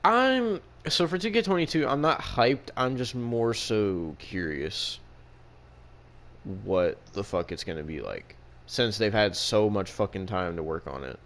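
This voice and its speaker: A man's voice: lowish voice, lively intonation, measured pace, fairly bright tone. A man co-hosting a casual podcast, telling a rambling story full of profanity. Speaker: podcast co-host.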